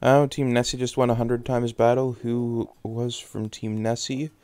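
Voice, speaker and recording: A man's voice: mid-range voice, little pitch movement, measured pace, dark tone, no echo. A British man chatting playfully with viewers during a live game stream, teasing and joking as he talks. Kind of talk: casual live-stream chat.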